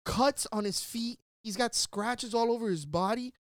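A man telling a wild story in casual chat, animated and swearing, shouting out the lines he quotes. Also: extremely high pitch, moderate pace. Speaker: podcast guest storyteller.

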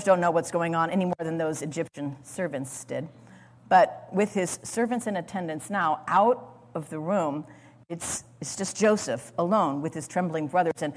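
A woman teaching a sermon in dramatic storytelling style, repeating words as she goes. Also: fairly low pitch. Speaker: Bible teacher. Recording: long hall reverb.

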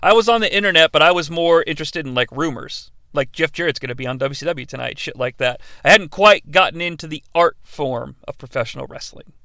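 Brief: high, crisp man in his thirties, sarcastic podcast host on a dry close mic. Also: a little fast, few pauses, bright, forceful tone, no echo. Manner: playful, sarcastic, jumps into impressions. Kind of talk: comedic wrestling review podcast.

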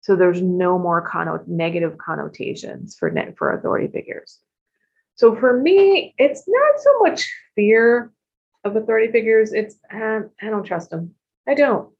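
Woman in her 50s, gravelly voice, talking frank and open about recovery, dull lo-fi sound. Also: medium pitch. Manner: frank and expressive, swears casually, quick asides. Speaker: recovery program member sharing her story. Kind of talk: candid personal testimony. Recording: dull lo-fi recording.

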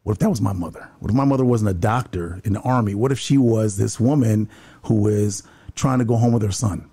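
Fast-talking husky-voiced man telling a story. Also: on the low side, warm tone. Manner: rapid, earnest, repeats words when starting sentences. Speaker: building security guard. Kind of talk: storytelling in a conversation.

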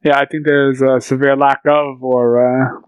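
A man's voice: medium pitch, little pitch movement, measured pace, smooth, no room sound, lo-fi sound. A man co-hosting a podcast in casual banter, swearing and stumbling over his words. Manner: profane, hesitant, stumbling banter. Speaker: podcast co-host. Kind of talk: casual chat.

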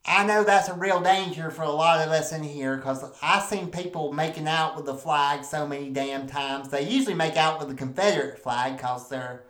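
A man's voice: on the high side, moderate pace, hardly any pauses, a bit bright, reverberant, lightly acted. A man playing a crude, rambling small-church preacher who swears constantly in a comedy monologue. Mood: ranting. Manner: profane, rambling, ranting.

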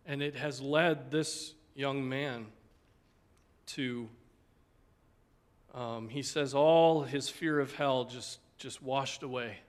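Earnest male pastor teaching Sunday school, medium pitch, often asks the class "okay?". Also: steady tone, slow pace, long pauses. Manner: ends in a spoken prayer. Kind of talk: Bible class sermon.

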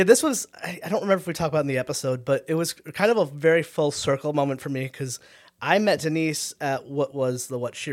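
Guy co-hosting a podcast, kinda high voice, rambly and excited, lots of restarts. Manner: chatty, animated, trailing restarts. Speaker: podcast co-host. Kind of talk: casual chat.

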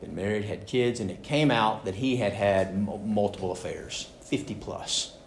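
In a church sanctuary with roomy echo, a pastor preaches at normal speed in a creaky, lowish voice, a little hiss or hum underneath. He's animated and acts out the people he quotes.

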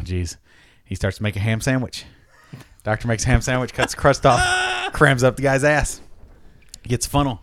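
Animated man telling a long joke. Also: dry recording. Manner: acts out characters with big pitch jumps, laughs mid-story. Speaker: podcast co-host telling a joke.

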